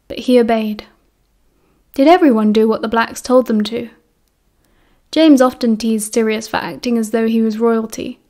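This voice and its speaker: A woman with a British accent narrating an audiobook in a steady, clear storytelling voice. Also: on the high side. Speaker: audiobook reader.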